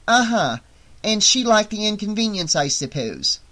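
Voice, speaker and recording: A wry teenage babysitter with a sharp, teasing tongue, as a male narrator puts her on. She talks high and light in this storybook reading, dry and mocking. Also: big pitch swings, moderate pace, full character voice. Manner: teasing, sarcastic.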